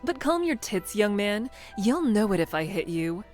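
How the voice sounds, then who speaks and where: A woman's voice: medium pitch, very animated, normal speed, a little mellow, faint music behind, lightly acted. A woman voicing a sardonic police officer in a dating game, delivering dry, teasing put-downs. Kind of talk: game voice acting.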